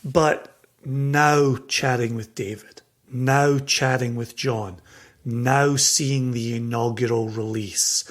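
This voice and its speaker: Scottish guy on a podcast, talks slow and easy, heartfelt, little chuckles. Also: medium pitch, steady tone. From Scotland. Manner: reflective, heartfelt, chuckles between thoughts. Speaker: podcast co-host. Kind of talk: casual chat.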